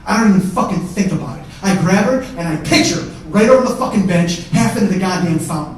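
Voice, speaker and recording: A comedian telling a story on a theater stage, profane, swinging from shouting to hushed. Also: male voice, sits high, animated, fast. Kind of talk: stand-up storytelling. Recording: echoey theater from far off.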